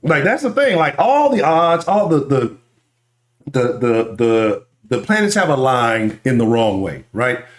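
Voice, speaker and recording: A man with a Houston accent hosting a live sports talk stream, ranting loudly and profanely while reading the chat. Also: medium pitch, very animated, measured pace, roomy sound. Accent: Houston Texas. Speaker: sports talk show host.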